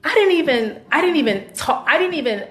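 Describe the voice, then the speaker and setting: A woman's voice: high-pitched, expressive, a little fast. A woman hosting her own show, chatting casually and effusively to her viewers. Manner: effusive, chatty, thankful shout-outs. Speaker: show host. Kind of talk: casual video chat.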